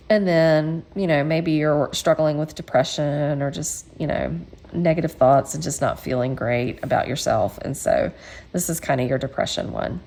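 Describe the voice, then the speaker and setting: A woman's voice: low voice, moderate pace, vocal fry, mellow. A woman hosting a casual craft tutorial, chatty and encouraging, with frequent ums. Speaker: quilting channel host.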